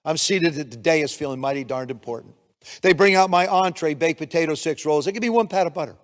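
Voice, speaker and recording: A man's voice: a little high, a little fast. A man in his seventies giving a motivational keynote speech, telling stories and acting out bits of dialogue. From United States. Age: 70s. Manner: storytelling, animated, acts out dialogue. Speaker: keynote speaker. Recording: long hall reverb.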